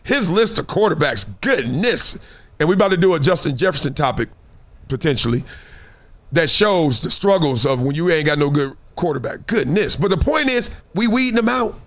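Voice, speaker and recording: A man with a notably high speaking voice holds forth on a sports talk show. He keeps it casual and full of slang, and slips into little voices to mimic the people he talks about. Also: moderate pace. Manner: animated, slangy, acts out quoted people.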